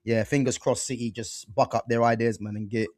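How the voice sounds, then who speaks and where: Brisk and steady in tone, his medium-pitched voice has a darkish quality, recorded with no room sound. He's a young man hosting a laid-back football chat podcast, rambling in slang peppered with "man" and "bro."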